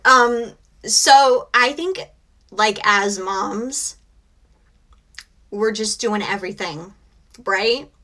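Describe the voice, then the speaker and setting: A woman's voice: mid-range voice, drawn-out words, long pauses, fairly bright tone. A woman in her thirties, worn out and close to tears, chatting casually with her viewers on a live stream. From United States. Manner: chatty and emotional, says she is close to tears. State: exhausted. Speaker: host of a reselling live stream.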